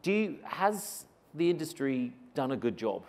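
A man's voice: medium pitch, sing-song, a little slow, creaky, a little mellow. A man moderating a conference panel, playful and teasing as he presses for answers. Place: conference stage before an audience.

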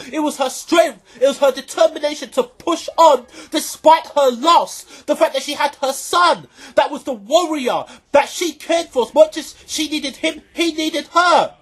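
A vlogger delivers a furious, expletive-laden rant straight to camera. The voice sits high, and the speaker keeps breaking into shouts and repeating lines for emphasis. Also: slightly rough. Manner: furious, profane, often shouting. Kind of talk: angry reaction rant to camera.

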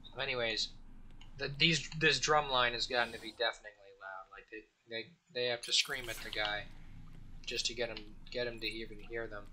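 Casual male let's play host, rambling jokester, sharp bright voice. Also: medium pitch, fairly even intonation, moderate pace, a little hiss or hum. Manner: rambling, joking storyteller with fillers and restarts. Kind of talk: casual gameplay commentary.

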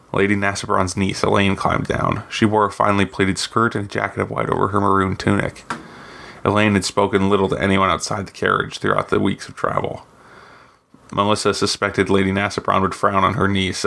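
A man's voice: deep voice, vocal fry, pushed and bright. A man reading aloud from his own fantasy novel, with occasional slips and restarts. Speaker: guest reader, author.

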